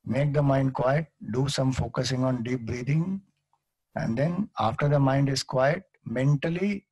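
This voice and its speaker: Husky-voiced Indian man teaching. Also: medium pitch, measured pace, darkish tone, no echo, rough recording. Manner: explains patiently, tells stories with acted-out quotes; mixes in Hindi phrases. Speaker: Vedanta teacher. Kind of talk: spiritual lecture.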